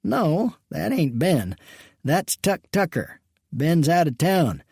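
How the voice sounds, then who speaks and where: Friendly small-town barkeep, read by a man; pitched high, husky, talkative. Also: very animated, takes it slowly, darkish tone, dry recording, clean studio sound, heavily acted. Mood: cheerful. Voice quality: folksy, chatty. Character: cheerful folksy male bartender.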